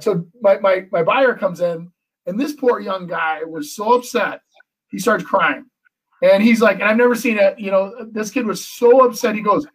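High-voiced animated man, off-mic. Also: moderate pace, recorded from a distance, low-quality recording. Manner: animated, acts out quotes, many restarts. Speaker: real estate agent, co-host. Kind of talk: casual storytelling chat.

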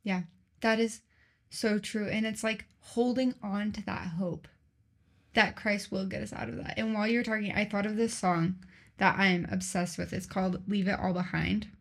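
A young woman co-hosting a faith podcast, sharing her own low times in a heartfelt, personal way. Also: fairly even intonation, normal speed, slightly rough. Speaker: podcast co-host. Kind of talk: casual faith chat.

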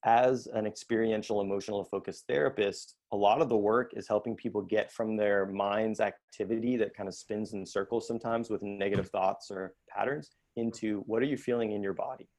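A middle-aged man speaks as a therapist leading an online workshop. His voice sits a little low, and his delivery is calm, measured and explanatory.

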